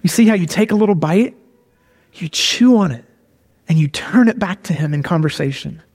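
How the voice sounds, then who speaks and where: A man's voice: high voice, expressive, normal speed, a little mellow, husky, long reverb tail. A man giving a conversational sermon who keeps checking in with his listeners with "okay?" and "all right?". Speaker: preacher.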